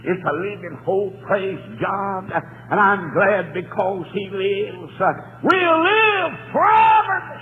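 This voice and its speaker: A high-pitched man preaches a fervent revival sermon, dropping to quiet talk and then rising to shouts, with a steady "uh" between phrases. The recording is thin and phone-like, with a faint hiss under the voice. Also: takes it slowly, few pauses. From North Carolina.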